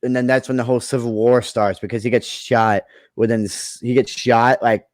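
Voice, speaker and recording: A man's voice: mid-range voice, steady tone, normal speed, a little mellow, no echo. A man in a casual chat who rambles through his movie ideas, with many restarts along the way. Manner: rambling, full of fillers and restarts. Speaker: creator pitching movie ideas.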